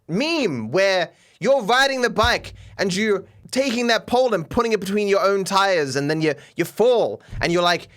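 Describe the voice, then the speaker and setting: A young Australian man reacts to fan memes in a casual stream commentary. His slightly high voice swings widely in pitch, and he keeps a wry, self-mocking tone with small chuckles. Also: animated, normal speed, few pauses, a bit bright.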